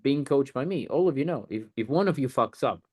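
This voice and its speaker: A man's voice: medium pitch, animated, a little fast, darkish tone. A man coaching a group on a sales call, talking bluntly with lots of swearing. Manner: blunt, swears freely, acts out mock sales lines.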